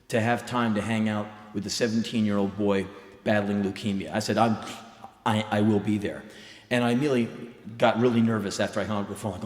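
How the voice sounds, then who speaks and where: A man's voice: on the low side, fairly quick. An American man in his thirties, telling a story on a live stage in an intense, blunt, emphatic way. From United States. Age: 30s. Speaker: spoken word performer. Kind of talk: live spoken word storytelling. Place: live stage in a concert venue. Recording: echoey live hall recording.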